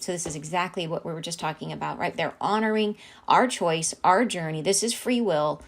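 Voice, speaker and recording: A woman's voice: lowish voice, brisk, vocal fry, hardly any pauses. A middle-aged woman hosting a live stream, reading channeled messages aloud and talking them over in a heartfelt, casual way, often asking "right?". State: tearing up, laughing through tears.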